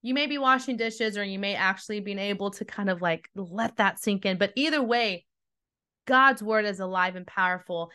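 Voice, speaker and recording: A woman's voice: medium pitch, moderate pace, bright, forceful tone, clear, resonant tone. A woman hosting a devotional teaching, earnest and emphatic, speaking straight to her listeners. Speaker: podcast host and Bible teacher.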